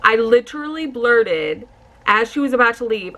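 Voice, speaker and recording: Bright-voiced woman telling a story. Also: a little high, normal speed. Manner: animated, swearing, laughing, acting out quotes. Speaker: vlogger. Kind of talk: casual storytime.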